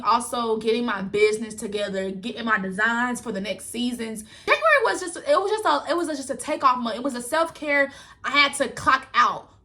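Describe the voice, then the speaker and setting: A young woman speaks straight to her viewers in a loose, rambling, colloquial way, calling them y'all. Her voice sits a little high and sounds bright and tense. She tells a personal story candidly and unscripted. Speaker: vlogger.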